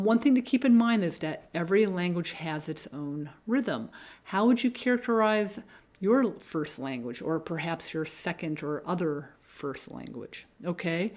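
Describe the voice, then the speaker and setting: A woman coach talks through a pronunciation lesson at an unhurried, deliberate pace. Her voice sits fairly low for a woman, and she often pauses to check in with a quick "okay?". She sounds middle-aged. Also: darkish tone. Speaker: speech coach. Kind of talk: instructional video lesson.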